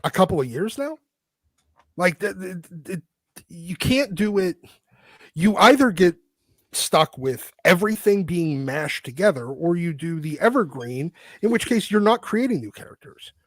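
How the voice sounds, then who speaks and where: Male panelist, slightly high voice, dry close sound; argues by listing examples. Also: expressive, measured pace, no room sound. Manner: argumentative, lists examples, hesitant fillers. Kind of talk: casual panel discussion.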